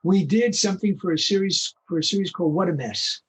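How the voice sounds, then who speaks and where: An older male voice actor telling animated anecdotes in an interview, acting out the voices of the people he quotes. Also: high voice, a little fast, husky. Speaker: guest voice actor. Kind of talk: storytelling interview.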